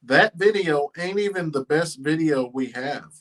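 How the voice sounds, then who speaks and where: A middle-aged man, hosting a casual livestream chat about his farm and family, rambling and halting with many fillers. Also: on the high side, expressive. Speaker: farm channel host.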